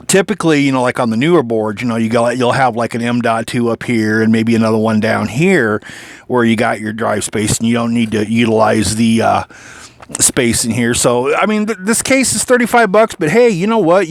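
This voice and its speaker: A man's voice: medium pitch, lively intonation, normal speed, no echo. Give me a man talking through his own PC build in a loose, rambling, offhand way, recorded dry. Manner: rambling, filler-heavy, frequent restarts and mild swearing. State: has the hiccups. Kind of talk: casual hands-on build walkthrough.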